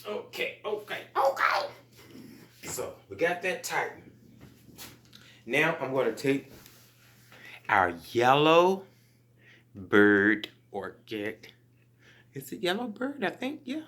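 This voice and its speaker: A man's voice: medium pitch, big pitch swings, slow pace, long pauses, a bit bright, roomy sound. A man hosting a gardening channel, talking viewers through a hands-on project in a chatty, upbeat way and often calling them "you guys.". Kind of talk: casual how-to vlog.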